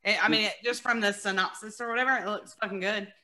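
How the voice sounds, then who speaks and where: A woman chatting casually, swearing freely and animated. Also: medium pitch, fast. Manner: loud, profane, animated. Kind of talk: casual chat.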